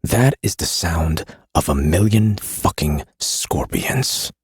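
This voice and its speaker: A man narrating a first-person fantasy audiobook in a gravelly, intense way. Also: sits low, animated, takes it slowly, no room sound, clean studio sound.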